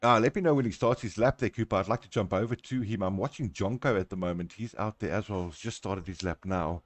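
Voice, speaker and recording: A South African man with a fairly low voice commentates a sim race live and at a fast clip, chatting his way through every turn and laughing a lot. There's no echo on the recording.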